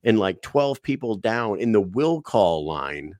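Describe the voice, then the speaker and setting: A man hosting a podcast, telling a story in excitable, profane casual chat. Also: on the low side, a little slow, no echo. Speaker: podcast host.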